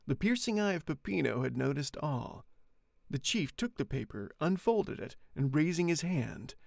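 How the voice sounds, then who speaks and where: A man reading a classic novel aloud as an audiobook narrator, steady and plain, with occasional retakes. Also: on the high side, moderate pace, creaky, no echo, clean studio sound. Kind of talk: audiobook narration with casual asides. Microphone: studio microphone, home recording.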